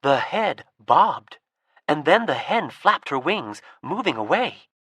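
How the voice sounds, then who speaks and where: A woman narrating a fantasy audiobook with a lively, expressive reading. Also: deep voice, takes it slowly, husky, no echo. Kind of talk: storybook narration.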